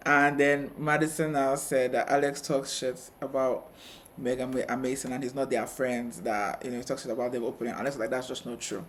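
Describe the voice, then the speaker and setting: A man co-hosting a casual TV review chat, retelling scenes with quick asides. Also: medium pitch, flat delivery, fairly bright tone, slight background noise. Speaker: co-host of a TV review channel.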